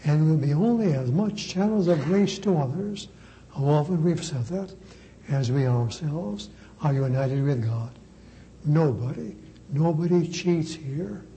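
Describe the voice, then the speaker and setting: A priest delivers a sermon in a deliberate, emphatic way, repeating words to drive them home. His voice is very dark and mellow, and he speaks very slowly. A faint hiss sits under the recording. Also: fairly high pitch, expressive, poor audio. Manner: slow, emphatic preaching with deliberate repetition.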